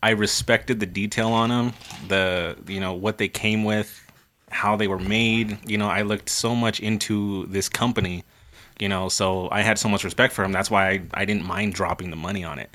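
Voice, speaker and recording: Earnest, rambling man, low-pitched. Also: fairly even intonation, moderate pace, a bit bright. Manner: earnest, rambling, full of "you know". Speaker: podcast guest. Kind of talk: casual chat.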